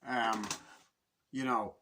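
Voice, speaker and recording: A man's voice: medium pitch, fairly even intonation, very slow, sharp tone, a little hiss or hum. A man giving a casual, rambling movie review, swearing constantly and acting out scenes in quoted voices.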